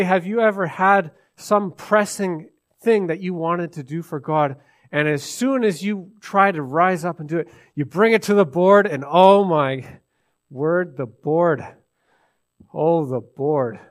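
A man with a high voice preaches to his congregation. He keeps asking rhetorical questions, drops to a hush, then rises to loud emphasis. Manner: dramatic swings from hushed to loud, rhetorical questions. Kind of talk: sermon.

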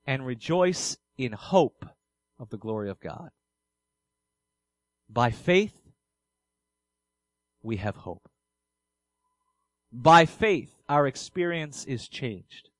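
Earnest high-voiced preacher. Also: male voice, animated, slow, pauses often, no room sound, poor audio. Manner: earnest, rhetorical questions answered himself. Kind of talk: sermon.

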